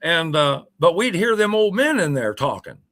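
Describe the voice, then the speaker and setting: A man's voice: a little high, very animated, normal speed, fairly bright tone. A man in his sixties, a radio show guest, telling a long story in a rambling, folksy way full of uhs and ums. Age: 60s. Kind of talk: casual storytelling.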